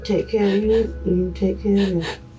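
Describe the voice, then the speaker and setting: A woman's voice: medium pitch, little pitch movement, normal speed, highs cut off. A middle-aged woman speaking as the suspect's mother, firm and scolding, tearful, repeatedly checking that she is being heard. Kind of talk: urgent family talk in interrogation room. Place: police interrogation room. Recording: voice from far off the mic. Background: music.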